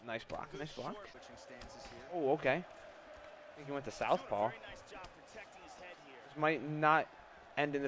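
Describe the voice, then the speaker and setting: A young man giving live gameplay commentary, trash-talking his opponent, swearing and erupting into shouts. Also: on the high side, animated, slow pace, pauses often. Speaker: gaming YouTuber.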